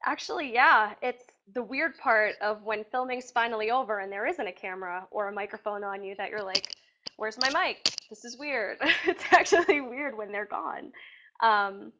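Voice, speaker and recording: A woman answering interview questions casually, chatty and animated, with acted-out quotes. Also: mid-range voice, normal speed. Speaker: reality TV contestant being interviewed. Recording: dull lo-fi sound.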